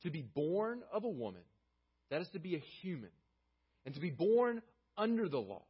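Male pastor, sermon delivery, earnest and emphatic, breathy tone. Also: big pitch swings, moderate pace, lo-fi sound. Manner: earnest preaching, rising for emphasis and dropping low.

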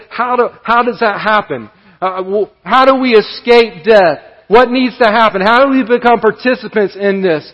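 Man, pastor, earnest sermon, fairly high voice, reverberant sanctuary. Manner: earnest preaching with repetition and rising emphasis. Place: church sanctuary. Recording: dull sound with long hall reverb.

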